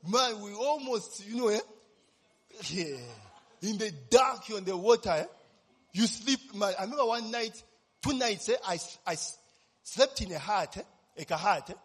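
Animated preacher with husky voice. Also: male voice, sits high, moderate pace, in a large hall. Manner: animated storytelling with constant tag questions. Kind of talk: sermon with personal testimony.

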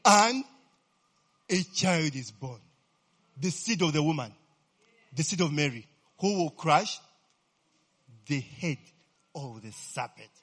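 A man with a high, husky voice teaches a sermon at an unhurried pace. He keeps checking whether his listeners understand and repeats questions so they can call back the answer. Hallelujah and glory be to God punctuate his points. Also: animated, a bit bright. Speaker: preacher.

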